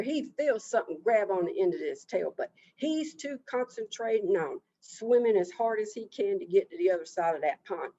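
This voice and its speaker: A woman telling an oral folk tale in an expressive, drawn-out way with repetition, on a dull lo-fi recording. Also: lowish voice. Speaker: storyteller, Native education coordinator.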